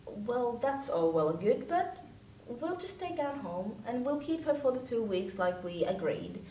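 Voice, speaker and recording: A young woman putting on the voice of a stern, brisk older foster mother, clipped and matter-of-fact. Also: big pitch swings, mellow. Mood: firm. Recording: roomy sound from a distant mic, faint rumble.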